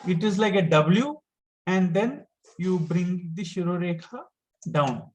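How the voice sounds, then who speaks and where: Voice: medium pitch, unhurried, poor audio. A teacher, giving an online lesson step by step and patiently repeating each point.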